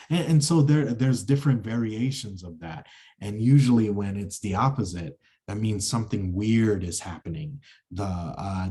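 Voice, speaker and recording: Slow, dark-voiced male acting teacher. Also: on the low side. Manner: halting, many fillers and restarts. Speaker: acting instructor. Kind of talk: online lecture with screen share.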